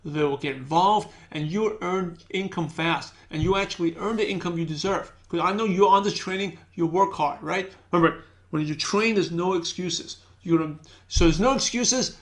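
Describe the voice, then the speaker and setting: A man teaching a sales training, energetic, repeating key points and acting out sample phone calls. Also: sits high, normal speed. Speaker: business trainer.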